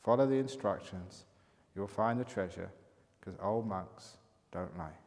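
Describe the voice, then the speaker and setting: A man voicing a kind, wise old male monk, speaking low and gently, as he tells a story in a sermon. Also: unhurried. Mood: instructing. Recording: long hall reverb.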